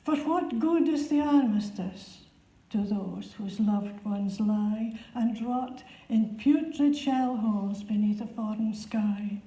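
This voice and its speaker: A woman slowly and solemnly reciting a poem at a book launch in a town hall. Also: a little high, warm tone. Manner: slow and solemn. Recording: echoey hall.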